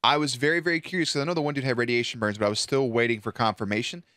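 A man's voice: mid-range voice, rapid-fire. A man hosting a reaction video, talking casually and profanely and cheering on the action. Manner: excitable, profane, cheers the screen on.

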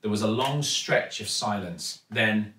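A man with an English accent reading a children's storybook aloud with steady, expressive storytelling. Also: on the low side, a little slow, recorded from a distance. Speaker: actor reading a children's book. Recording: echoey room, voice from off-mic.

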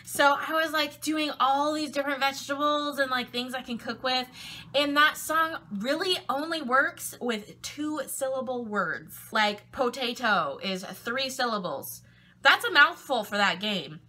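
A woman's voice: high-pitched, measured pace, sharp tone. A woman chatting playfully while cooking in her home kitchen, talking to her food as she goes. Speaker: cooking vlogger. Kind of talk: casual chat while cooking.

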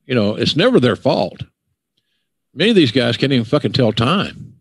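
A man's voice: medium pitch, very animated, normal speed, slightly rough, dry recording. An older man with a Southern accent, hosting a podcast and ranting bluntly with profanity. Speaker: podcast host. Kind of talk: casual podcast chat.

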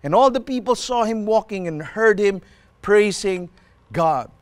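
A middle-aged man with a Filipino accent, preaching a sermon with fervent exhortations and quick switches between languages. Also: high voice, animated, no echo. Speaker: pastor. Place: empty mall venue.

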